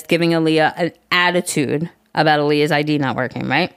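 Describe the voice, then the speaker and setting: A woman in her forties telling a long story in casual podcast chat, animated and swearing freely. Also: lowish voice, normal speed. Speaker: podcast co-host.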